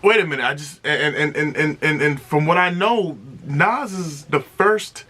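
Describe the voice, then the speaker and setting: A man hosting a music reaction video, talking casually and excitedly, often repeating himself and breaking into exclamations. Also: on the high side, a little slow.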